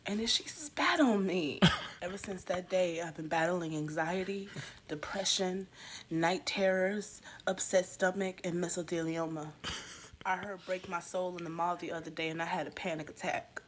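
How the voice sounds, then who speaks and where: A woman with a low voice telling a comic storytime skit with big, exaggerated delivery. She swings between loud outbursts and near-whispered asides. A faint hiss sits behind her. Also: fairly even intonation, moderate pace.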